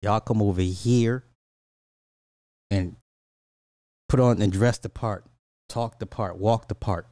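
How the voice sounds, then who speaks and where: American man, mocking incredulous commentator, mellow low tone, dry close mic. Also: slow pace, pauses often, dry recording. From United States. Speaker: commentary host. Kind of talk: ranting reaction commentary.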